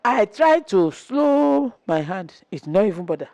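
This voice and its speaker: In a storytelling interview, a woman in her sixties recounts tales of her marriage as a guest, animatedly acting out the quotes. She speaks at a measured pace in a medium-pitched voice, recorded with no room sound.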